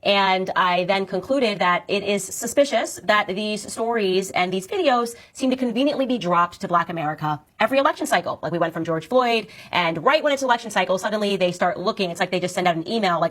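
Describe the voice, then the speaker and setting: A woman's voice: medium pitch, fairly quick, hardly any pauses, fairly bright tone. A woman hosting her commentary show, arguing her point in a confident, dismissive way. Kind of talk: political commentary monologue.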